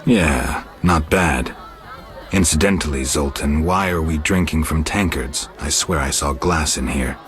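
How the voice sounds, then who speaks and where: A man's voice: extremely low pitch, a little slow, fairly bright tone, some chatter behind. A man voicing a weary, stoic male monster hunter who speaks in a dry, terse, sardonic way. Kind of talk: video game voice acting.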